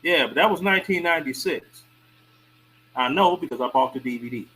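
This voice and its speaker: A man on a podcast, animated and incredulous as he talks things through. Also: on the high side, brisk, a little hiss or hum, low-quality recording. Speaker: podcast co-host. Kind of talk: casual discussion.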